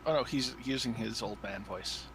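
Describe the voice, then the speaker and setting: A man's voice: on the low side, moderate pace, fairly bright tone, a little hiss or hum, poor audio. A man player in a tabletop game who gives brief answers.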